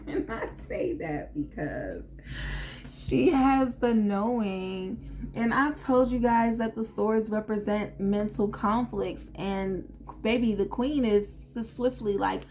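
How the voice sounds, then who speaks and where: A woman's voice: mid-range voice, darkish tone, a little hiss or hum. Blunt, profane woman reading tarot. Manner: emphatic, pep-talk delivery. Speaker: tarot reader.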